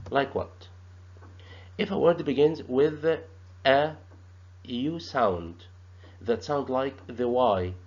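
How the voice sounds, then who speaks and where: Slow, halting male teacher. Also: lowish voice, darkish tone. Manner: slow, halting, repeats sounds and words. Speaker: English teacher. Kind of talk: grammar lesson. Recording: dull lo-fi sound.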